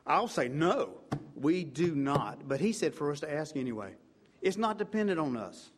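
A man preaching a sermon with fervor, repeating "I tell you what" and swinging from loud emphatic peaks to low hushed passages. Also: sing-song, normal speed.

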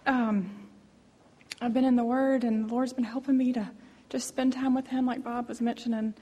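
A woman nervously sharing a personal testimony before a congregation, hesitant with many pauses. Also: a little high, level tone, mellow, breathy edge, long reverb tail.

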